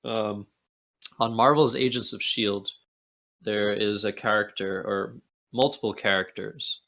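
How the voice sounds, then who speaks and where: A man's voice: fairly low pitch, fairly even intonation, a little slow, sharp tone. A man giving live commentary on a board game match, joking and sarcastic. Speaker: Scrabble commentator.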